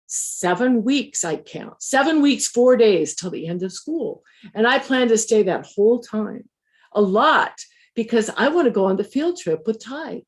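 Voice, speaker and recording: A woman, once a teacher, telling a personal story in a conversational, measured way with dry humor. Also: mid-range voice, animated.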